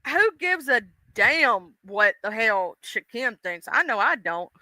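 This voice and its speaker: A woman's voice: on the high side, big pitch swings, takes it slowly, sharp tone, dry recording. A woman hosting a casual livestream, chatting emotionally and greeting viewers in chat by name. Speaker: livestream host.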